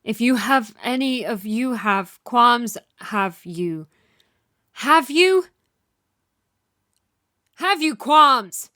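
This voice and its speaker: A woman's voice: fairly high pitch, slow pace, hardly any pauses, a bit bright, no room sound, clean studio sound, pitched below the performer's own voice. A woman acting a grieving, defiant young royal in a fan audio drama, speaking in solemn declarations. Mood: commanding.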